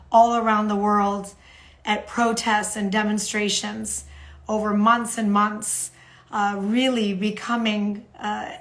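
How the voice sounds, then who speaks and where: Animated woman hosting a live stream. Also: medium pitch. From United States. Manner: animated, repeats phrases for emphasis. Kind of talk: live social media stream.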